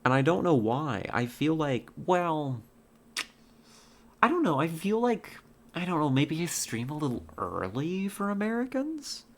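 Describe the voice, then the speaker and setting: A woman's voice: low-pitched, sing-song, measured pace. A woman streamer chatting casually with her chat while playing a hunting game, rambling with many fillers and restarts.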